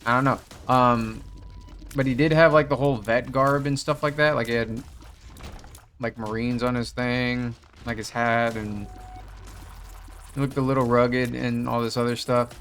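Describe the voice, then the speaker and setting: A man's voice: mid-range voice, steady tone, normal speed, fairly bright tone, a little hiss or hum. A young man casually telling a story while playing a game, rambling, swearing often and laughing. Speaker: gaming video host. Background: faint game music.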